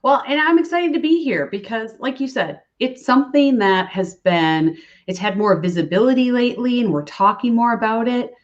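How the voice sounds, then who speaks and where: A woman's voice: a little high, lively intonation, moderate pace, dull audio. A woman from Minnesota, a guest coach, speaking upbeat in a casual live-stream chat over a video call.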